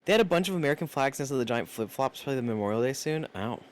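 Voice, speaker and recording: A man's voice: medium pitch, rapid-fire. A male streamer chatting casually with his viewers, reading out chat and swearing often. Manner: lively, swearing, laughing, reads chat aloud.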